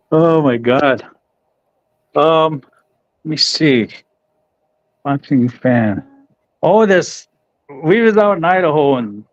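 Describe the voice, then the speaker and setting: A middle-aged man answers podcast questions in a laid-back, halting way, restarting his phrases. His voice sits a little high. The audio is dry and slightly dull. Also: no echo. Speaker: professional boxer, podcast guest. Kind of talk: casual interview answers.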